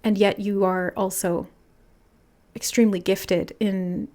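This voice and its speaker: A woman giving an intuitive tarot reading, musing aloud in a soft, channeling manner as she relays messages. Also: mid-range voice, level tone, slow. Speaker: tarot reader.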